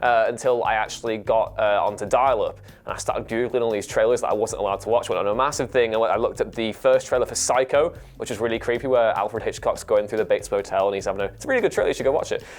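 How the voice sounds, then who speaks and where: A young man with a British accent recounts childhood beliefs in a brisk, casual chat. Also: fairly low pitch. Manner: brisk, conversational storytelling. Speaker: show panelist.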